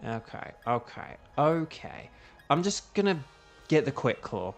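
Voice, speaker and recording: A young man chatting casually while streaming a game, rambling with lots of fillers and restarts and bursts of excitement. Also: fairly high pitch, a little slow, creaky, soft background music. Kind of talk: casual gaming commentary.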